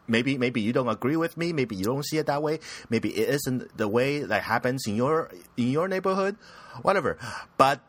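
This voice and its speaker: A man's voice: on the high side, a bit bright, no room sound. A young man hosting a casual anime news podcast, rambling and crude, often giggling at his own jokes. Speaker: podcast host.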